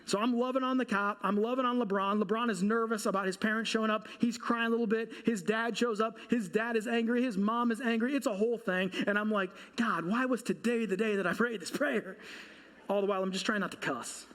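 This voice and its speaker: A man with a notably high-pitched voice preaching from the pulpit. He tells a comic personal story with lively timing and throws questions out to the congregation as he goes. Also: quick pace, hardly any pauses. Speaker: pastor. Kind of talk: storytelling sermon.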